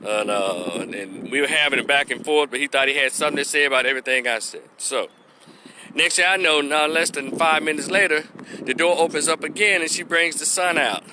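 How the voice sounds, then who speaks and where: A man telling a personal story, animated, laughing and acting out the voices of the people in it. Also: fairly high pitch, brisk, noisy background. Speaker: vlogger. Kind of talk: casual storytelling vlog.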